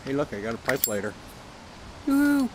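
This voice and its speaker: At his campsite, a Canadian man with a mid-range voice vlogs casually at normal speed while smoking a pipe. He meanders, cracks jokes, and swears a bit, with wind and outdoor noise clearly present.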